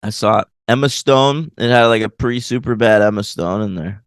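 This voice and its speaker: A man co-hosting a casual film review podcast, animated and laughing often as he pokes fun at movie lines. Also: fairly low pitch, normal speed, clear, resonant tone, no room sound. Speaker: podcast co-host.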